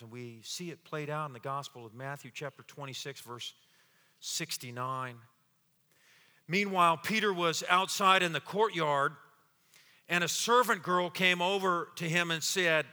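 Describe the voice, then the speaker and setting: A man preaching a sermon as pastor, swinging between loud, fiery exclamations and hushed, slow passages, often repeating words and acting out quotes. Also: on the high side. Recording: long hall reverb.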